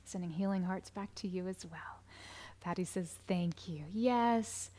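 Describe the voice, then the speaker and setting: A woman hosting a live stream, reading viewer comments aloud in a soft voice that often drops to a whisper, with bursts of laughter and sung birthday greetings. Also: lowish voice, a little slow, a little hiss or hum. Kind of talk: live stream chat, gentle and affirming.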